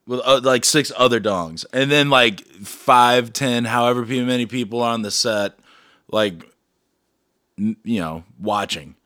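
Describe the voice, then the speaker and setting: A man's voice: mid-range voice, a little slow, sharp tone, dry recording, studio quality. A man co-hosting a comedy podcast, trading crude casual banter with a crude, incredulous manner and frequent laughter. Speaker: podcast co-host.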